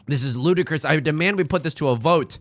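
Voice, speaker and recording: A man's voice: fairly high pitch, fast, no room sound, faint music behind, close to an everyday voice. A man voicing a pompous, indignant male noble who hurls insults in theatrical outrage.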